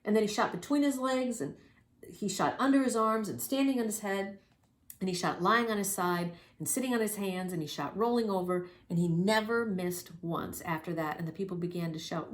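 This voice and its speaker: A woman reading a children's story aloud with lively, expressive storytelling and spoken sound effects. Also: medium pitch, a little fast. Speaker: reader. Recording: roomy echo.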